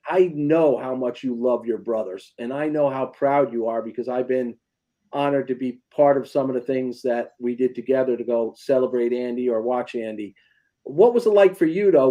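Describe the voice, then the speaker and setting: A man's voice: mid-range voice, highs cut off. A middle-aged man who is a former police officer, co-hosting a casual chat and telling stories with rising emphasis. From New Jersey. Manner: animated, storytelling with rising emphasis.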